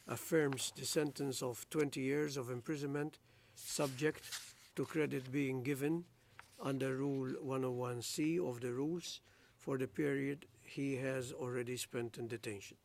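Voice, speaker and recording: A man, the presiding judge, reading out a formal appeals judgment in a slow, measured legal recitation. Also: medium pitch, fairly even intonation, darkish tone, a little hiss or hum.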